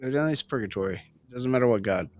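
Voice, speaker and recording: A man co-hosting a relaxed talk show over drinks, his voice bouncing up and down as he reads out stories. He laughs often and chats easily with his co-host. The sound is dry and close to the mic. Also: medium pitch, racing, dry recording, faint music behind. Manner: animated, laughs often, reads notes aloud. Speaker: podcast co-host. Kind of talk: casual chat over drinks.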